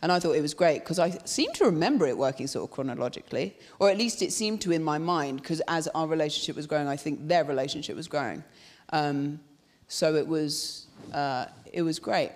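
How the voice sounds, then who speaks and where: A man on a press panel with a teasing, lively manner. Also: on the high side, a little fast. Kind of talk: press conference answers.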